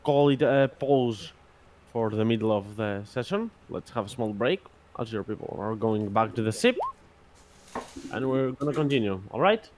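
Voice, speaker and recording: A man running a tabletop role-playing session as game master, narrating in a measured way with frequent pauses. His voice sits at a middle pitch. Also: lively intonation, darkish tone, slight background noise.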